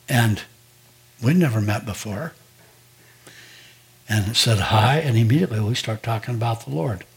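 A man's voice: mid-range voice, gravelly. Older male pastor telling stories in a sermon. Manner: conversational storytelling, frequent restarts and quoted dialogue.

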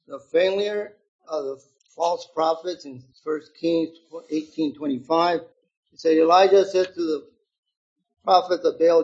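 A man in his seventies preaching a sermon, reading scripture aloud with loud emphatic stretches and quiet, low asides to his listeners. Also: a little slow, slightly rough, dull audio. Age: 70s.

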